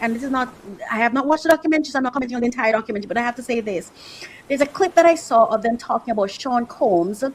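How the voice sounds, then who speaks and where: A fired-up woman hosting a podcast, speaking in a fairly high voice. She talks with emphasis and hammers home her points by repeating phrases. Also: slight background noise. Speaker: podcast host. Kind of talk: emphatic casual commentary.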